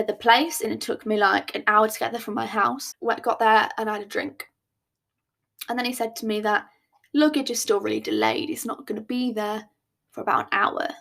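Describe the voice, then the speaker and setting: A woman, hosting a podcast and telling a story in a chatty, expressive, self-mocking way. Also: on the high side, vocal fry. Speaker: podcast host. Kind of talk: casual storytime chat.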